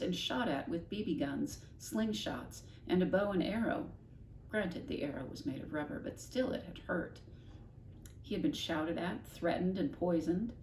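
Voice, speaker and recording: A woman teacher reading a children's novel aloud to her class, expressive and stopping to explain words. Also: fairly low pitch, a little hiss or hum. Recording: echoey room, mic at a distance, faint ambience.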